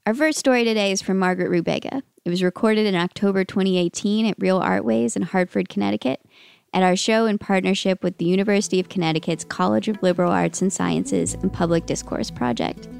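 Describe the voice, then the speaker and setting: A woman hosting a storytelling show, reading a steady, informative introduction. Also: medium pitch, quick pace, vocal fry, clear, resonant tone, no echo, faint music behind. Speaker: host.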